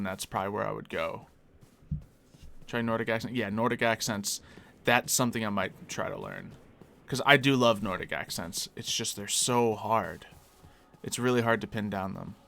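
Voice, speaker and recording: A man's voice: fairly low pitch, moderate pace, creaky, long pauses, bright, forceful tone. An American man streaming live, chatting casually and answering requests from his chat. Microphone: desk mic.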